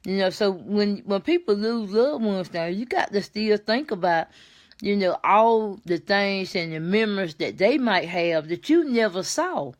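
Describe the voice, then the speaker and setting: An older woman, chatting warmly on a live stream and greeting viewers by name. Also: mid-range voice, lively intonation, unhurried. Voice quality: warm, folksy. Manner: chats with viewers by name, repeats herself, laughs easily. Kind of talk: casual live chat with viewers.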